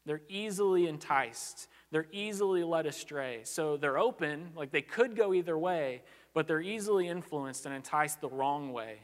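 A man's voice: on the high side, expressive, normal speed, few pauses. A man preaching a sermon as pastor, earnest and conversational, often restarting phrases and saying "like". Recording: long hall reverb.

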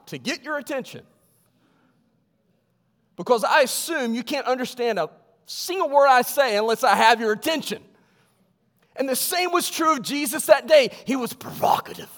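A male pastor preaching a sermon in a church, swinging from loud emphatic lines to hushed ones. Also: fairly high pitch, long reverb tail. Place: church sanctuary.

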